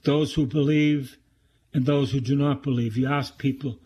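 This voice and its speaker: A man, a priest, reading scripture aloud and commenting on it in a slow, prayerful way. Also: medium pitch, a little mellow, slightly rough.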